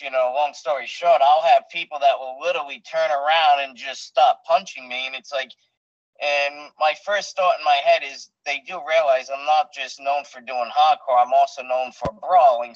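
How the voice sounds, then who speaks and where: A man's voice: medium pitch, dry recording, dull audio. A man who wrestles professionally tells stories in a casual interview, bluntly, with lots of fillers and restarts.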